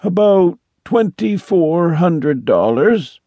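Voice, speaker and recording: A man voicing a polite, cheerful blue-skinned alien gentleman in an audiobook, speaking with mild, precise courtesy. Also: sits high, big pitch swings, slow pace, no room sound, highs cut off, voice pushed up, exaggerated voice. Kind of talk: audiobook character voice.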